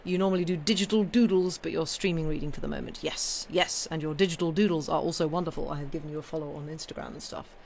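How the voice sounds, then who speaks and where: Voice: mid-range voice, steady tone, quick pace, vocal fry, few pauses, a little hiss or hum. A British-accented streamer chatting casually with viewers, rambling with many fillers and restarts. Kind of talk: casual live-stream chat.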